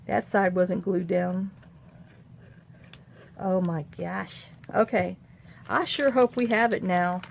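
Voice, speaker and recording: A middle-aged craft vlogger chats folksily with her viewers while gluing and trimming a project at home, often talking to herself as she goes. Her voice is mid-range and creaky, and there's a little hiss or hum.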